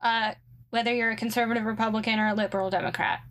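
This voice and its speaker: A young woman with a slightly high voice tells a story in a loose, chatty way. She fills her sentences with likes and ums and drops in dry, sarcastic asides. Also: flat delivery, very fast, a bit bright. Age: young adult. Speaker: guest telling a story. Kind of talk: casual storytelling chat.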